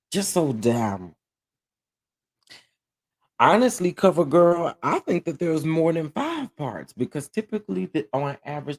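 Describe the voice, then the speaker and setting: A man hosting a live gossip commentary stream, sassy and animated, laughing often and checking in with his viewers. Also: mid-range voice, gravelly. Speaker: host of a gossip commentary livestream.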